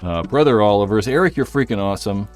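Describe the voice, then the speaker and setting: A man's voice: fairly low pitch, expressive, quick pace, faint music behind. A man hosting a casual live stream, rambling and joking as he reads out viewers' messages, a little out of breath. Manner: rambling, jokey, reads chat aloud.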